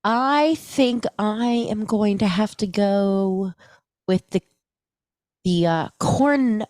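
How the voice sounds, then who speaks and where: A woman's voice: mid-range voice, slow, darkish tone, no room sound. A woman co-hosting a casual podcast, chatty, laughing easily and trailing off mid-thought. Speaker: podcast co-host.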